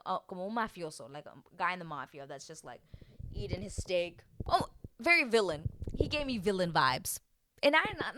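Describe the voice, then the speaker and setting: A woman's voice: medium pitch, no room sound. A woman chatting casually as a recap vlogger, animatedly acting out quotes from the show. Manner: chatty, animated, acts out quotes in put-on voices. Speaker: reality TV recap host.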